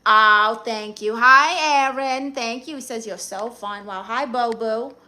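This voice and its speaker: A woman's voice: a little high, slow, bright, forceful tone. A woman hosting a live stream, reading viewers' comments aloud and answering them in a sassy, blunt, teasing way.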